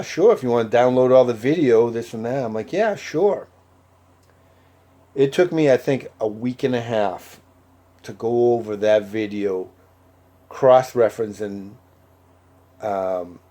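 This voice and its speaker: A man with a low, mellow voice tells a story in a loose, conversational way. He fills his talk with "uh" and "like" and acts out the lines of the people in it. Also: fairly even intonation, moderate pace. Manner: conversational, many fillers and quoted dialogue. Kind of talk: casual anecdote.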